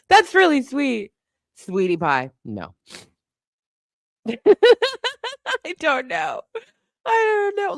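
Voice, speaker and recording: A woman's voice: high-pitched, no echo, studio quality. A young woman hosting a casual livestream, reading chat guesses aloud, laughing often and teasing with casual swearing.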